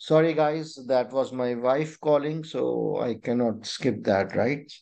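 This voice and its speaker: A young adult man with a Pakistani English accent teaching an online exam-prep webinar, explaining points deliberately and checking in with "right?" and "you know". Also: medium pitch, creaky, a little mellow. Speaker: exam tutor.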